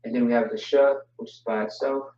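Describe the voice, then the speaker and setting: A man teaching a language class online, relaxed and joking, spelling words out slowly. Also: mid-range voice, soft background music. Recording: distant, roomy, dull mic sound.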